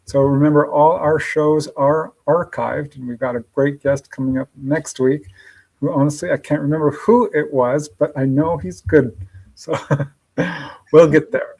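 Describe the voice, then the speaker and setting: Upbeat guy hosting a livestream, kinda high voice, reading out chat names and laughing a lot. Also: steady tone, unhurried, vocal fry, darkish tone, poor audio. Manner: upbeat, greets chat viewers by name, laughs often. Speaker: podcast host.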